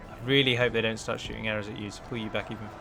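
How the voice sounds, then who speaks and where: A man's voice: lowish voice, fairly even intonation, racing, creaky, over music. A man hosting a let's play, chatting through a strategy battle and breaking down unit stats in a casual, analytical way. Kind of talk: casual gameplay commentary.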